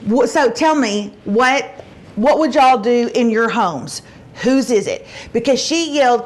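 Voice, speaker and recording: Chatty woman host, lively. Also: moderate pace, a little hiss or hum. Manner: chatty storytelling, acts out quotes with big pitch jumps. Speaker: show host. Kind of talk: casual chat show.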